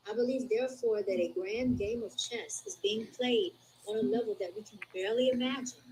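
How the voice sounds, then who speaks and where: A woman's voice: fairly high pitch, fairly quick, darkish tone, a little hiss or hum, low-quality recording. A woman hosting her own show, chatting casually with listeners and reading passages from a book aloud over a video call. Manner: chatty, addresses listeners as y'all. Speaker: podcast host.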